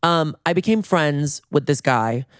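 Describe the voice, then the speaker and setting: A man in his thirties hosting a podcast from his bedroom, telling funny stories in a lively way, jumping into high voices when acting out scenes. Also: measured pace, smooth, no room sound. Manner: animated, acts out voices with big jumps in pitch. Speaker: podcast host. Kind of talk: comedic storytelling.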